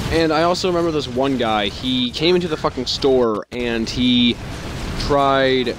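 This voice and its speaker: A young man telling work stories in a casual vlog, rambling and sarcastic, swearing constantly and acting out other people with sudden jumps in pitch. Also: measured pace, fairly bright tone, a little hiss or hum. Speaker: vlogger.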